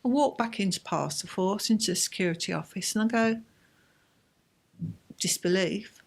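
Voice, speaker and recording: A woman, a bereaved mother, telling her story in an interview in a halting, emotional way. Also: medium pitch, gravelly, breathy edge. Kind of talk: personal account in an interview.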